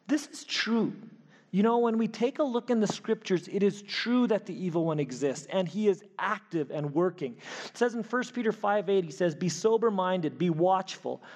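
A man preaching a sermon, telling a personal story with animated delivery and frequent restarts. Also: sits high, normal speed. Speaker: pastor. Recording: hall reverb.

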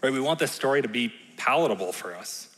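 A man's voice: medium pitch, animated, fast talker, a bit bright. A man preaching a sermon in a conversational, playful way, often checking in with the room. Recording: long reverb in a large hall.

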